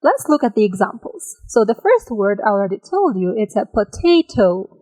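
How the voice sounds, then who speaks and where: A woman teaching an English grammar lesson, drawing out each example word slowly and often checking in with a "right?". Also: medium pitch, sing-song, mellow, low-quality recording. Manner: slow, careful, drawn-out example words; checks in with listeners by asking "right?".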